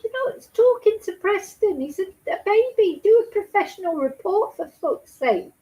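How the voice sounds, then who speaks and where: A woman's voice: extremely high pitch, lively intonation, moderate pace, narrow, tinny audio. A woman hosting a casual true-crime chat, talking emphatically and indignantly, repeating herself and swearing. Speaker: host.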